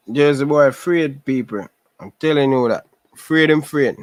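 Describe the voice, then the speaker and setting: A man's voice: medium pitch, fairly bright tone, no room sound. Jamaican man chatting casually on a livestream. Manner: chatty, repeats himself, addresses viewers by name. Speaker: livestream host. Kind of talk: casual live chat. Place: living in Canada.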